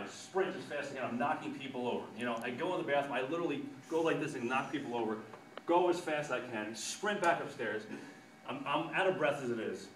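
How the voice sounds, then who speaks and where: Animated man telling a story, echoey and distant. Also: medium pitch, fast. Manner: animated, acts out quotes with loud bursts. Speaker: sportscaster speaking to students. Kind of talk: anecdotal storytelling talk. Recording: echoey room, distant mic, background noise.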